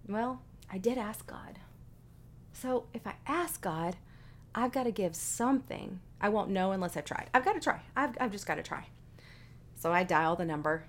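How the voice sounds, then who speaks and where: A middle-aged woman telling a personal story, acting out her own past lines with big jumps in pitch. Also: normal speed, a little hiss or hum. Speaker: vlogger sharing a personal story.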